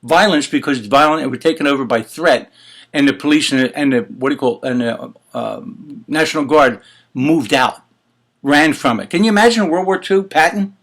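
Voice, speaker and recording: A man in full rant mode as host of his own commentary show, pitched a little above the usual male range. He sounds exasperated and indignant, firing off rhetorical questions and the odd curse. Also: normal speed, fairly bright tone. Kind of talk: heated opinion commentary.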